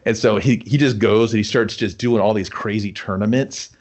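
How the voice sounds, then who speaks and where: A young man talks loosely and profanely, piling one clause onto the next as he spins out a story. His voice sits a little low, with a husky, breathy edge. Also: normal speed. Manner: rambling, profane, laughs a lot while telling it. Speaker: podcast co-host. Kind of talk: casual chat, riffing a made-up movie sequel.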